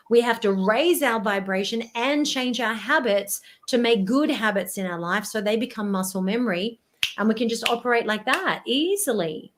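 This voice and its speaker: A woman, a voice presentation coach giving tips in an interview, animated and demonstrative. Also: fairly high pitch, background noise.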